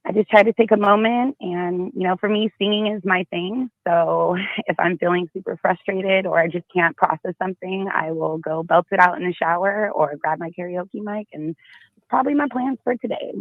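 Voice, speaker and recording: A woman's voice: fairly low pitch, normal speed, dry recording, narrow, tinny audio. A woman calling in to a talk show, speaking hesitantly with worry and frequent restarts. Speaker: caller. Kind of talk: phone call-in chat.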